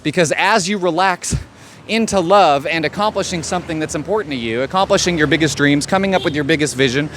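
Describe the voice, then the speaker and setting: Blunt, profane motivational coach, outdoors. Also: male voice, on the high side, quick pace. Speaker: life coach. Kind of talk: motivational monologue. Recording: faint street noise behind.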